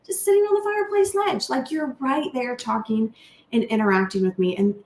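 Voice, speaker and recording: Chatty woman with a higher voice. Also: brisk. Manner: chatty, warm-hearted, frequent fillers. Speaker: team leader giving a talk. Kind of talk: casual unscripted talk to camera. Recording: echoey room.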